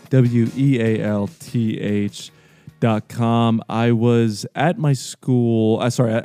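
Middle-aged male radio host, low mellow voice, earnest sales pitch, dry studio sound. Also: clear, resonant tone, dry recording. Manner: earnest, repetitive, salesy, with restarts. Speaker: radio show host and financial advisor.

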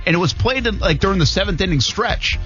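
Quick, slightly high-voiced radio host. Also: male voice, lively intonation, a bit bright. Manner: quick, chatty, reads facts aloud. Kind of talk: casual sports radio talk. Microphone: studio microphone. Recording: dull radio sound with faint music.

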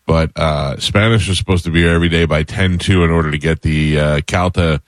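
A man's voice: a bass voice, fairly even intonation, brisk, dry recording, clean studio sound. A man hosting a live morning radio show, running roll call and teasing his co-hosts in casual banter.

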